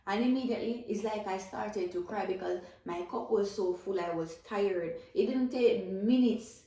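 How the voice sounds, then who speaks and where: Recorded amid heavy echo, this woman with a Jamaican accent shares an emotional, earnest testimony of faith, circling back over the same points. Her pitch is medium, her pace moderate, her tone mellow.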